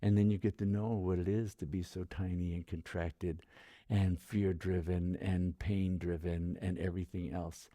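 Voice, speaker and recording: A man, a meditation teacher, giving a guided meditation talk, speaking slowly and softly and repeating phrases like a chant. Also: low voice, no room sound, clean studio sound. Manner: slow, soft-spoken, repeats phrases like a chant.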